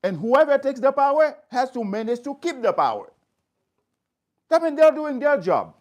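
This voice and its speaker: A man's voice: very high voice, sing-song, normal speed, dull audio. A man speaking straight to his viewers, stressing his points by repeating phrases. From Haiti. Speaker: community speaker. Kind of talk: impassioned address to viewers.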